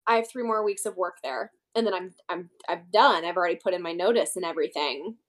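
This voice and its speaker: A woman's voice: on the low side, fast talker. A young woman co-hosting a podcast, blunt and freely swearing in casual chat. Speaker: podcast co-host.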